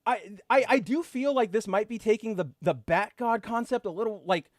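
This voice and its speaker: A man co-hosting a podcast, chatting casually and excitedly, full of fillers and gushing asides. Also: sits high, moderate pace, no room sound, clean studio sound. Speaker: podcast co-host. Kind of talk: casual comic book chat.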